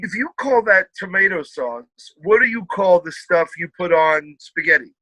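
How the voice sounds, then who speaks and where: A man from the United States, a podcast guest, telling lively stories in casual chat. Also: high-pitched, moderate pace, dry recording, poor audio. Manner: animated storyteller, puts on British voices.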